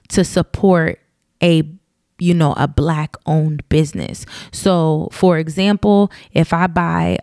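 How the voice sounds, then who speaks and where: Gravelly low-voiced woman with a Southern twang. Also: darkish tone, no echo, clean studio sound. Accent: light Southern US twang. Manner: chatty and candid, many ums and asides to listeners. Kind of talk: casual opinion monologue.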